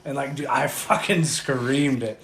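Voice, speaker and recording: A man talks in a relaxed, rambling way on a podcast, swearing often. His voice rings in an echoey room with a faint hum of ambience behind it. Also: mid-range voice, a little slow. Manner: profane, rambling. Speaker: podcast co-host. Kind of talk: casual chat. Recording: roomy echo, faint background hum.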